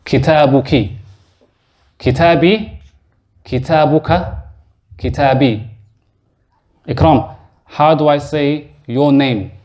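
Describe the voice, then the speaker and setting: A man's voice: a little high, slow pace, long pauses, a little mellow. A man teaching a classroom grammar lesson in a mosque, explaining patiently step by step and quizzing his students. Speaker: Arabic teacher.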